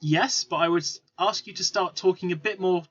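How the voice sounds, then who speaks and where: A man's voice: sits high, a little fast, a bit bright. A man narrating as game master, rambling with many fillers and restarts. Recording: lo-fi with faint music.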